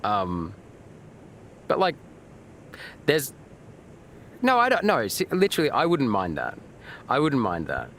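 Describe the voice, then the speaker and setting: A man's voice: medium pitch, huge pitch swings, measured pace, long pauses, a bit bright, slight background noise. A man streaming a game live, chatting loosely with viewers and reading out their messages, with lots of fillers and restarts. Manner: rambling, casual, reads and answers chat; frequent fillers and restarts, swears now and then.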